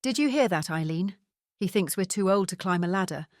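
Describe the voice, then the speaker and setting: A man's voice: high-pitched, expressive, brisk, no room sound, clean studio sound. A woman voicing a jovial Scottish father in his seventies, talking in a hearty, cheerful way. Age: 70s.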